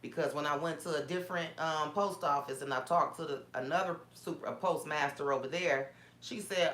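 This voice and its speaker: Lady venting bout her day on her vlog, indignant and animated, room echo. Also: low-pitched, a little fast. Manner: indignant, animated retelling with many restarts. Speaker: small business owner vlogger. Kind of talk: casual storytelling vlog. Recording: roomy echo.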